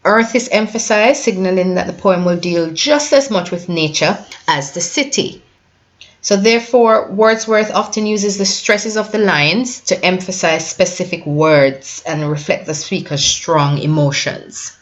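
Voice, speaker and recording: A woman giving a poetry analysis lesson, explaining in a measured way with occasional hesitations. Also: fairly low pitch, dull audio. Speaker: teacher.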